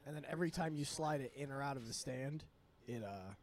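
A man's voice: medium pitch, expressive, brisk, noisy background. A young man co-hosting a podcast in casual banter, rambling and cracking crude jokes. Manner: joking, rambling, crude humor. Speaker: podcast co-host.

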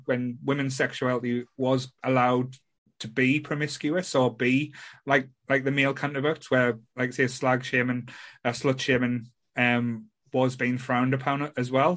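A man hosts a podcast in loose, casual chat. He rambles, circles back on himself and keeps saying "like I say". His voice sits at an ordinary middle pitch. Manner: rambling, repeats "like I say". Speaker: podcast host.

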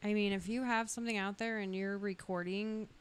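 Smooth-voiced, slightly shy woman. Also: mid-range voice, steady tone. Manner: shy, halting, with some fillers. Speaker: internet radio station co-host. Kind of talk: casual chat.

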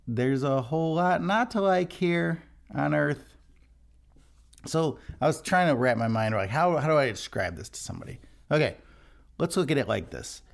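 Guy hosting a devotional podcast, gravelly, earnest, stumbles and restarts a lot. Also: fairly high pitch. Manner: earnest, conversational, frequent restarts. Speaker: worship leader, podcast host.

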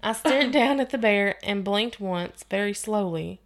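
Reading a frightening tale on her podcast, this host speaks in a medium pitch without hurrying. She puts expression into the story and sometimes starts a phrase over.

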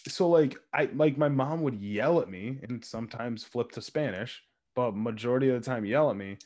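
A man in easy, casual conversation, telling lively stories that often break into laughter. His pitch sits in an ordinary middle range and he swears freely. He talks like a regular on his own show. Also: moderate pace. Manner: animated storytelling with frequent laughs and swearing. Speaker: podcast co-host. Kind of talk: casual chat.

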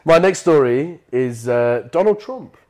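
A man's voice: mid-range voice, animated, measured pace, darkish tone. A young man with a mid-range voice co-hosts a podcast. He chats in a laid-back way, teasing his partner and turning crude now and then. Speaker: podcast co-host. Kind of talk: casual chat.

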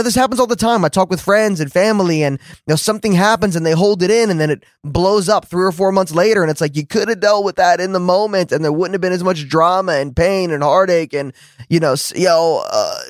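A man hosting a faith podcast, teaching in an earnest, conversational way and acting out his own words with lively shifts. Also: sits high, dry recording, clean studio sound. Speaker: podcast host and preacher.

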